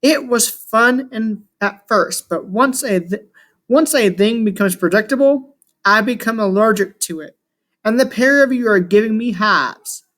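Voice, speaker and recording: A man's voice: high-pitched, unhurried, fairly bright tone. Man reading as a grumbling ancient chaos god. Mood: scornful. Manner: grumbling, contemptuous, grandiose. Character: ancient scornful male chaos god in shulker shell.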